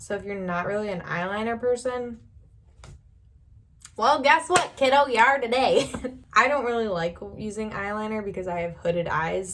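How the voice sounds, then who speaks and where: A woman's voice: on the low side, a little hiss or hum. A young woman talking through a makeup tutorial in a chatty, rambling, reassuring way, laughing often. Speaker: beauty vlogger.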